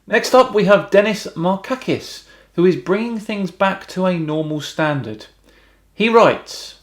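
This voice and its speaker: Wry British man, slightly higher voice. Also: a little slow. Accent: British English. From Britain. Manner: wry, deadpan. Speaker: YouTube channel host. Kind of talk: reading viewer comments with dry replies.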